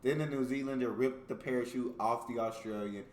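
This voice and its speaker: A man's voice: medium pitch, fairly even intonation, fairly quick, reverberant. An American man hosting a reaction video, reading jokes aloud in casual commentary and laughing often between them. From United States.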